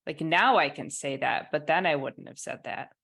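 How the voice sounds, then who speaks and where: A woman co-hosting a podcast, telling a story with lively acted-out quotes in casual chat. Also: deep voice, moderate pace, gravelly, slightly rough. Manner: animated storytelling, acts out quotes. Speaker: podcast co-host.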